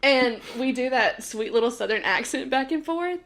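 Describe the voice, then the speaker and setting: A woman's voice: high voice, normal speed. Bubbly young woman podcast co-host. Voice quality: animated, laughs often, quotes herself in voices. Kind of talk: casual chat.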